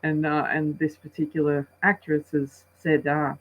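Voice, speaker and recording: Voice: mid-range voice, level tone, unhurried, few pauses, phone-quality sound. A movie reviewer giving a casual spoken review, rambling and chatty, with many restarts and acted-out asides.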